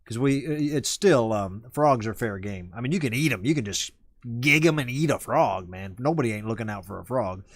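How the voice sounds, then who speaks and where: A man's voice: medium pitch, lively intonation, moderate pace, no room sound, clean studio sound. A man hosting a casual live stream, rambling and correcting himself as he talks. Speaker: show host.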